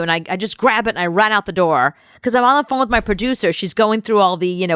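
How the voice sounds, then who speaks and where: A young adult woman co-hosting a radio show, telling a rambling, animated anecdote in casual chat. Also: medium pitch, fast talker, hardly any pauses, clear, resonant tone, dry recording, studio quality. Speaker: radio co-host.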